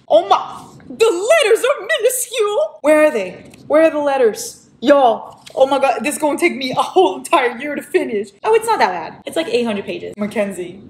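A young woman chatting casually to her viewers as a book vlogger, gushing, excitable and playful. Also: high voice. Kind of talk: casual chat unboxing book mail.

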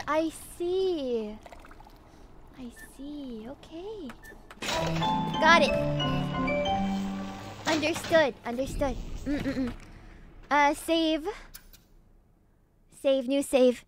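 A woman's voice: high-pitched, slow, long pauses, music in the background. A woman streaming a game, chatting casually and teasingly, and giggling as she thanks donors.

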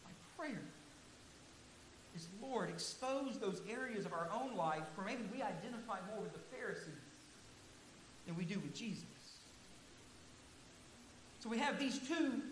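Male pastor mid-sermon with a very high, forceful voice, earnest and emphatic, recorded in an echoey church hall with faint hiss. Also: animated. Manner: earnest, emphatic preaching that slows to stress key words. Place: large church sanctuary.

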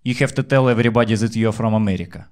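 Deadpan Ukrainian stand-up comic. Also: male voice, fairly low pitch, very fast, heavy background noise. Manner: deadpan, blunt, swears freely. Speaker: stand-up comedian. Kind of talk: stand-up comedy set.

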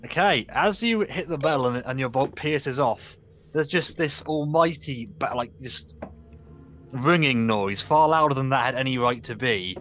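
A man's voice: medium pitch, unhurried, a bit bright, highs cut off. Man as game master for a tabletop game, easygoing, mid voice, faint hiss on the line. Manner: casual, stumbling restarts, laughs at jokes. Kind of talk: narrating a tabletop game over voice chat.

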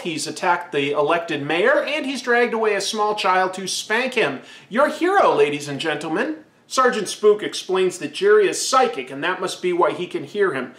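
A man recapping an old comic with wry sarcasm. His voice sits high for a man and carries an echoey, roomy sound. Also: fairly bright tone. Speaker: comic book reviewer. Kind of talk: comedic recap commentary.

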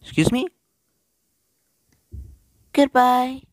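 Young runaway girl, quiet and hollow, read by a male let's-player in a raised voice; soft delivery, dead dry sound. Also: very high-pitched, very slow, dry recording, voice pushed up, full character voice. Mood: hollow, cold.

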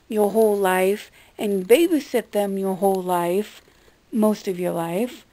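A woman's voice: medium pitch, dark tone. A young woman vlogger talking bluntly and defensively, swearing freely in a casual rant. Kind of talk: casual ranting vlog.

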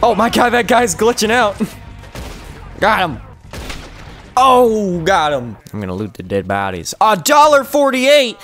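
A man's voice: high voice, measured pace, long pauses, soft background music. A young man streaming a cowboy game with a friend, giggling, joking and reading prompts aloud in casual commentary. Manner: playful, giggly, lively, reads prompts aloud. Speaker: gameplay streamer. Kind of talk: casual let's-play commentary.

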